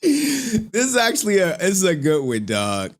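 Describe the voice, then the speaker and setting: A man's voice: high-pitched, huge pitch swings. A young man streaming live, chatting casually with slang and cursing, breaking into laughter often. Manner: laughs often, slangy and profane, slow drawl.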